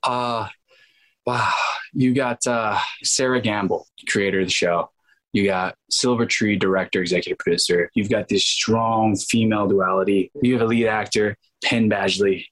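Male actor guest, thirties, husky and low, animated storyteller. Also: normal speed, rough recording. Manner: acts out quoted voices, many restarts and asides.

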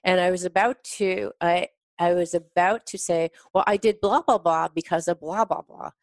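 A woman hosting a casual conversation, telling a personal story in a lively way and murmuring agreement often. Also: fairly low pitch, normal speed, no room sound.

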